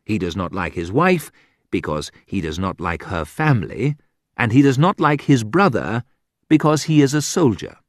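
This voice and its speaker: A man reading a graded reader aloud as scripted narration, slow and deliberate, with a wide sing-song lilt. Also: medium pitch, very animated, no echo, studio quality. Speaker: audiobook narrator.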